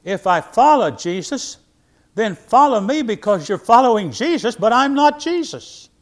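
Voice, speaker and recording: Animated elderly man preaching. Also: very high-pitched, normal speed. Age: 80s. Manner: emphatic preaching, swinging between loud and quiet; reads scripture aloud in old-fashioned wording. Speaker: pastor. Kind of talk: sermon.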